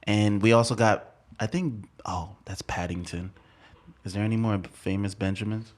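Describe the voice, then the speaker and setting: Excitable man with a lowish voice. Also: normal speed. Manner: excitable slangy banter. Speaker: podcast co-host. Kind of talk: casual chat.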